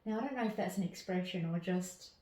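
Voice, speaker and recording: A woman's voice: fairly low pitch, fast, darkish tone. A woman hosting a casual interview. She is encouraging and laughs easily. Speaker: host. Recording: roomy echo.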